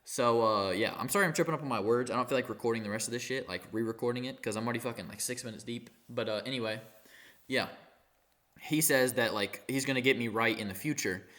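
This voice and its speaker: A teenage boy tells a storytime in a loose, rambling way, high and losing his train of thought. His speech is halting, packed with fillers, restarts and casual profanity, in a middle-pitched voice. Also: a bit bright. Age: teens. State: high on cannabis. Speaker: vlogger.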